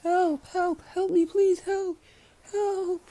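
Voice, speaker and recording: A man's voice: flat delivery, takes it slowly, mellow, no room sound, heavily acted. A man squealing as a trapped girl pleading for help. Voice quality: high falsetto squeal. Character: frightened trapped young girl crying for help.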